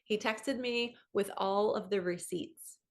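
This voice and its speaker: Chatty, excitable woman telling a story. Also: mid-range voice, slow. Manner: chatty and excitable, quoting others in lively retellings. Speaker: spiritual coach and vlogger. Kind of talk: casual storytelling to camera. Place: at home.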